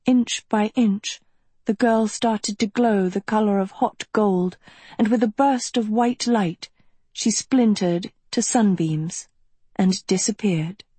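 Slow, breathy woman telling a story. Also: mid-range voice, warm tone, no echo. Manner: measured, dramatic storytelling. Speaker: audiobook narrator. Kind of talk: scripted narration.

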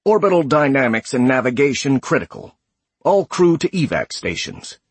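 A man's voice: mid-range voice, sing-song, moderate pace, breathy edge, no echo, pitched above the performer's own voice. A man voicing a male space station computer that calls out alarms in a nasal, clipped way. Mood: urgent alarm. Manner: clipped, urgent announcements.

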